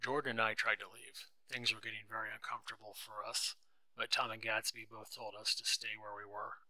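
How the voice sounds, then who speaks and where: A man's voice: lowish voice, level tone, brisk, bright, forceful tone, no echo, poor audio. A man narrating a simplified novel aloud in a plain, simple reading style for young readers. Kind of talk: storybook read-aloud narration.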